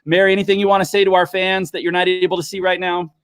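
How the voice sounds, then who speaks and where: A man's voice: high voice, flat delivery, quick pace, fairly bright tone, clean tone, dry recording, studio quality. A man hosting a casual livestream wine tasting, chatting upbeat with viewers. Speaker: livestream host.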